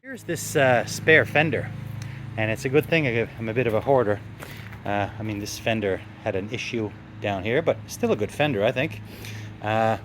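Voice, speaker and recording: A man talks his way through car work in a home garage, loose and rambling, full of "uh" and "I mean." He has a dry, sarcastic edge, and his voice sits at an ordinary middle pitch. Faint workshop noise hums behind him on a camera mic. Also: fairly bright tone. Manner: easygoing, rambling, many fillers, dry sarcasm. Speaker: classic car restorer. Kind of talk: casual workshop vlog narration.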